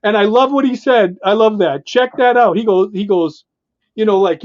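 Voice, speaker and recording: A man co-hosting a podcast, casually and excitedly walking through comic book pages and acting out the characters' lines. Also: very high voice, lo-fi sound. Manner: excited, retells panels and acts out the dialogue in quick bits. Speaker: podcast co-host.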